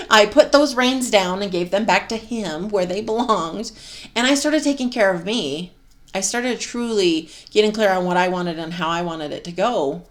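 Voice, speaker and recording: A woman with a medium-pitched voice hosts a frank, foul-mouthed motivational self-help talk. She's a mother and has a husband, and she laughs and sighs throughout.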